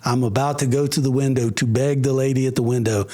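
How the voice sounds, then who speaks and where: A middle-aged man sharing his personal recovery and faith story as a podcast guest, animated and acting out the voices he quotes. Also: mid-range voice, quick pace. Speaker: podcast guest, ministry founder.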